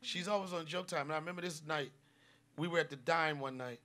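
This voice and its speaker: A man hosting a live comedy podcast, telling stories loudly and with swearing, and dropping his voice low for serious moments. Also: fast talker. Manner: loud, profane storytelling, drops low for serious moments. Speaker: podcast host.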